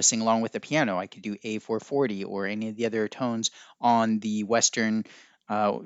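With a medium-pitched voice on lo-fi, echo-free audio, a podcast host chats casually. He rambles and muses, wandering off to check things mid-talk.

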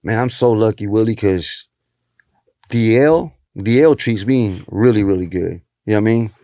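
A man's voice: normal speed, dark tone, dry recording. Storytelling man in a dry room. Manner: storytelling, acting out quotes with shifting pitch. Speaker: comedian. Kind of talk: casual chat.

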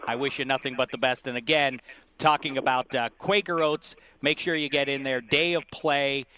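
A man's voice: mid-range voice, steady tone, normal speed, sharp tone. A man hosting a sports radio interview, playful and teasing, with rambling questions. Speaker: radio host interviewing an athlete.

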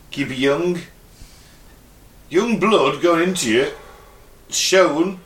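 Man co-host, cheeky wisecracks, bright higher voice, echoey distant mic. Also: lively intonation, extremely slow. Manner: wisecracking, self-promoting. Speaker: podcast co-host. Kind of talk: casual banter.

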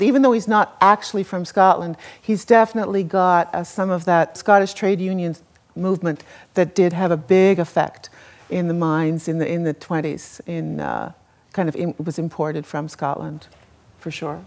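A woman theatre director from Cape Breton, talking onstage before an audience in a chatty, animated way with many restarts. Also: lowish voice. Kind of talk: onstage interview talk.

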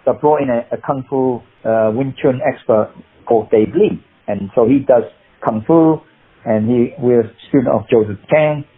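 Husky man telling stories down a phone line. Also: medium pitch, moderate pace. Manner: animated storyteller, rambling. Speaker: guest, martial arts actor. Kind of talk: anecdotal interview chat.

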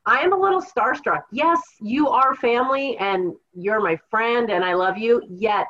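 A woman's voice: fairly high pitch, moderate pace, fairly bright tone, dull audio. A woman from Washington State's Kittitas Valley, a podcast guest and author, telling her story in an earnest, reflective way. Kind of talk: conversational podcast interview.

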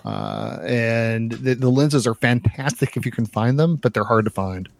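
A man with a gravelly, medium-pitched voice co-hosts a podcast, speaking at a moderate pace with a sing-song quality. He chats casually and at length, often repeating words and dropping plenty of "uh" and "you know."

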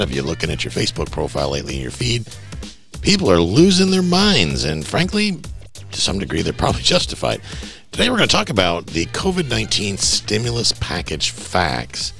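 A man's voice: low-pitched, creaky, fairly bright tone. A male podcast host talking emphatically and bluntly in a casual monologue, ranting about bad information.

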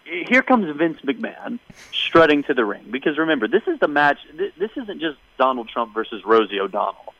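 A man hosting a casual podcast chat, recapping events as an animated storyteller with wry asides. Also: on the high side, moderate pace, no echo, dull audio.

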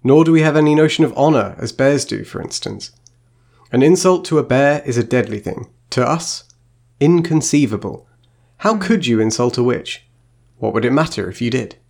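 A man's voice: mid-range voice, lively intonation, normal speed, vocal fry, a little mellow. A man reading a centuries-old witch queen's lines aloud from a novel. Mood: calm, explaining. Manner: plain reading, no put-on accent. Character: ancient calm female witch queen.

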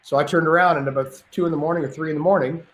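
Very fast and steady in tone, a man with a slightly high voice shares casual stories as a podcast guest. He wanders as he talks, often beginning sentences again; the recording is roomy and faintly noisy.

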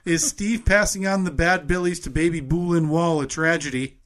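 A man's voice: on the high side, moderate pace, a bit bright. A man co-hosting a podcast in casual chat, reading out poll results and laughing easily. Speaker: podcast co-host.

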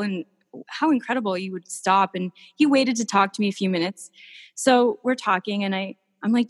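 A woman artist telling warm, gushing stories in a casual podcast chat, with many restarts. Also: medium pitch, normal speed. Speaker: painter, podcast guest. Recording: long hall reverb.

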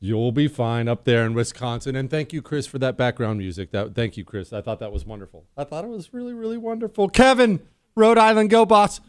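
A man hosting a call-in talk radio show, wound up and ranting in fast, impulsive bursts. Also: medium pitch, clear, resonant tone, no echo, studio quality.

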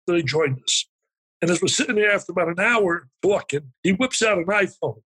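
Husky-voiced man telling an emotional story. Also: high-pitched, a little fast, low-quality recording. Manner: animated, emphatic, restarts and acts out dialogue. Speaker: guest, motivational speaker.

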